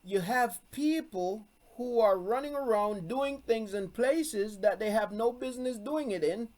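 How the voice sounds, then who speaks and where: In an unhurried, high-pitched voice with a slightly mellow quality, a man teaches scripture to a streamed congregation. He reads verses aloud and repeats his main points with emphasis from a room on a video call.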